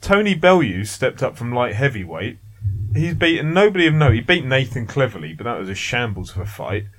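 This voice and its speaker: A man's voice: mid-range voice, very animated, a little fast, dry recording. Blunt man talking boxing. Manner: blunt, opinionated, laughs often, swears casually. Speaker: boxing pundit. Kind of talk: casual podcast chat.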